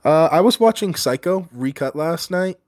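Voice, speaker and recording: A man's voice: a little high, animated, normal speed, a little mellow, no room sound. Enthusiastic young man rambling about movies. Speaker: podcast co-host. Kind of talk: casual film podcast chat.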